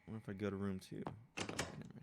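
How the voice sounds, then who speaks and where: A man's voice: on the low side, monotone, very fast, gravelly. A man giving casual, jokey commentary while playing a game, talking back to it and reading out codes. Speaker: let's play gamer. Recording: loud background noise with clicks.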